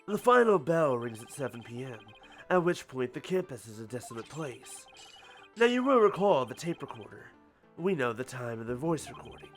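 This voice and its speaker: A man voicing a stern, menacing male prosecutor, speaking in a slow, grave manner. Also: medium pitch, sing-song, soft background music, natural voice.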